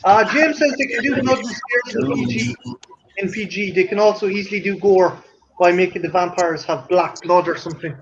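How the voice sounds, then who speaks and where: A man's voice: sits high, normal speed, muffled recording, slight background noise. An Irish man hosting a casual stream chat, joking and swearing often as he rambles. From Ireland. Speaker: stream host.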